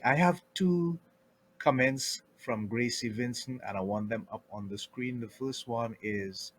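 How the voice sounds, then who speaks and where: A man's voice: mid-range voice, a little slow, a little hiss or hum. A man hosting an interview, responding with affirming words and reading out viewer comments. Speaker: host. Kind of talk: interview host.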